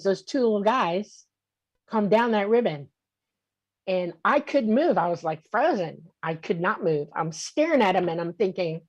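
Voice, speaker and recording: Animated older woman telling her story. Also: mid-range voice, no room sound. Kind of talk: casual storytelling interview.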